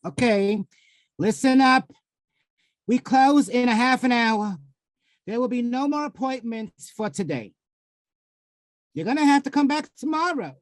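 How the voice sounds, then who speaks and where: A woman voicing a brusque office worker who makes curt, loud announcements to a waiting room. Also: on the high side, animated, measured pace, pauses often, no room sound. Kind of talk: stage monologue acting.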